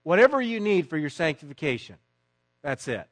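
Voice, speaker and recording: A man preaching a sermon to his congregation with emphatic stresses and quiet asides. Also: a little high, big pitch swings, fairly quick, no echo. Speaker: pastor.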